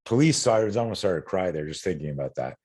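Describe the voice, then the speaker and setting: Blunt, low-voiced middle-aged man. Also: lively intonation, quick pace, darkish tone, slightly rough. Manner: blunt and earnest, swears freely, repeats words when stirred. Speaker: self-defense instructor, podcast guest. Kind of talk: candid interview storytelling.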